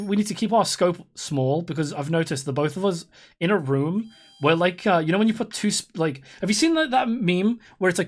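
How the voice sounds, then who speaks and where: A streamer in their thirties, chatting casually and rambling while playing a game, swearing freely and laughing often. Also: medium pitch. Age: 30s. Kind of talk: casual live-stream chat while gaming.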